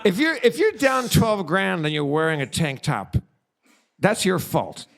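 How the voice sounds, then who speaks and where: Guy cohosting a live comedy podcast, telling swear-heavy stories, kinda high voice. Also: unhurried, creaky, crowd noise. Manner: profane, animated anecdote telling. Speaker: podcast co-host.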